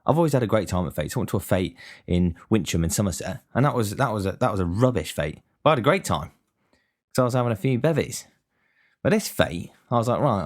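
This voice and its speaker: A young man telling a rambling, sweary story in a casual, deadpan complaining way. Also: low-pitched.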